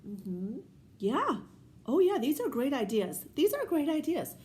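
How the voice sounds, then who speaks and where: A woman teacher in her thirties leads a children's read-aloud lesson, animated, encouraging, and full of questions. Her voice sits high and her pace is unhurried.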